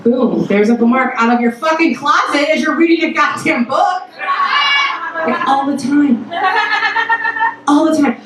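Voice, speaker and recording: A woman from Toledo, Ohio, telling a personal story on stage to a live audience, animated and full of swearing, acting out every quote. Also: high-pitched, unhurried, long pauses, heavy background noise. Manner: profane, animated, acts out quotes. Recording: echoey hall, mic at a distance.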